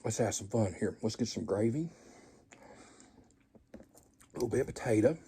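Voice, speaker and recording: A man's voice: fairly low pitch, moderate pace, mellow, breathy edge. A man hosting a home cooking vlog, tasting his food and chatting casually with folksy, joking asides to viewers. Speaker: home cooking show host.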